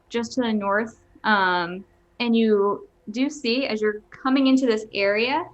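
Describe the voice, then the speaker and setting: A woman runs a tabletop game, describing each scene as dungeon master. She pauses on fillers and corrects herself mid-sentence, at an ordinary mid pitch. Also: highs cut off, a little hiss or hum.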